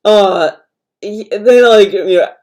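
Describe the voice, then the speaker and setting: Young guy streamer ranting, swears a lot, rambly, kinda high voice. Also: a little slow, darkish tone. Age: young adult. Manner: profane, rambling rant. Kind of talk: casual chat.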